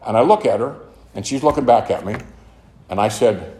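A man's voice: on the low side, animated, fairly quick, dark tone. An older man telling his own story at a recovery meeting, earnest and rambling. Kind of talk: personal testimony talk. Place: meeting room of a club. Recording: echoey room, faint noise.

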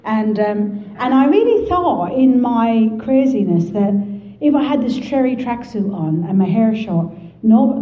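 A woman with an Irish Midlands accent telling her story at a recovery meeting, lively and joking. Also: mid-range voice, reverberant, rough recording. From Ireland. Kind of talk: personal testimony to an audience.

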